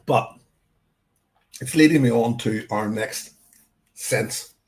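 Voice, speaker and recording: A man's voice: medium pitch, slow pace. A man hosting a live whisky tasting, chatting in a rambling, self-correcting way and reading out viewer comments. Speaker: whisky channel host.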